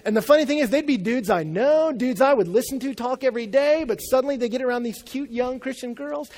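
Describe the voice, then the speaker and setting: A man's voice: very high voice, brisk, darkish tone. A young adult man preaching a sermon as a pastor in a conversational, humorous storytelling way.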